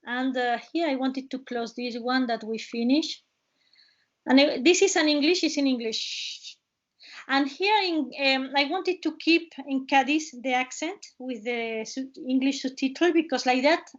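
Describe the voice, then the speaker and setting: High-voiced Andalusian woman on a muffled call. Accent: Andalusian Spanish. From Cádiz province, Spain. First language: Spanish. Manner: halting English with frequent restarts and fillers. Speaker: webinar host and travel guide. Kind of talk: casual presentation over a video call. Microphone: video call.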